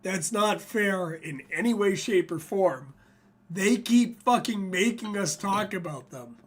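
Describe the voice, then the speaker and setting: Slow-talking high-voiced man hosting a livestream. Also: lively intonation, husky. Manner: swears freely, laughs often. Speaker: livestream host. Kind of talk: profane casual commentary.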